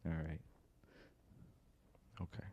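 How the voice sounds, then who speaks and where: The audio is dull, and the young man speaking takes his time. He's giving a church talk, telling a story vividly and performing the voices of those he quotes.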